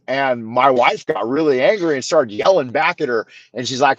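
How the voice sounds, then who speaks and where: A man's voice: medium pitch, normal speed, dry recording, muffled recording. A man hosting a show, telling a rambling story in casual talk, profane and wry. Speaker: show host.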